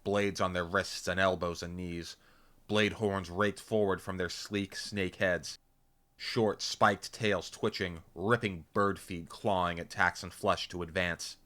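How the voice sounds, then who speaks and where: A man narrating an action-packed novel in first person, intense and punchy, voicing loud sound effects. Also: low voice. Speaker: audiobook reader.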